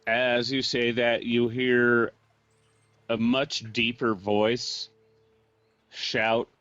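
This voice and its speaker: A man narrating as dungeon master of a tabletop game, in a slow, measured way. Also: mid-range voice, little pitch movement, fairly bright tone, no echo. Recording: dull lo-fi mic.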